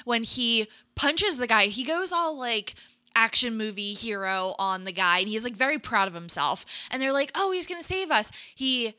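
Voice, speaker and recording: A woman co-hosting a podcast, recapping a movie in a relaxed chat and acting out the characters' lines with playful energy. Her voice is very bright and sits slightly high. The sound is dry and close. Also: normal speed, dry recording. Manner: playful, laughing. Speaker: podcast co-host.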